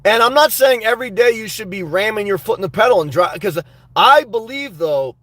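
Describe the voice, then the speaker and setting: A man's voice: high voice, expressive, fairly quick, a bit bright, no echo. A man hosting a livestream, reading live chat aloud in a rambling, earnest way and calling his viewers guys and man. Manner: rambling, earnest, repeats words.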